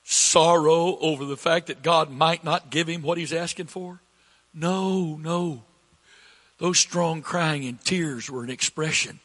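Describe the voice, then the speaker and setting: Middle-aged male pastor, deliberate sermon delivery, raspy and forceful tone. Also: medium pitch. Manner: slow, repetitive preaching, rising with emphasis, coughs between lines.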